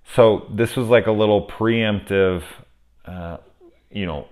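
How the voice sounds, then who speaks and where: A man's voice: fairly low pitch, slow pace, darkish tone. A man casually reviewing a horror film on camera, rambling, swearing freely and gushing with enthusiasm. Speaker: movie reviewer. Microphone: camera setup at home.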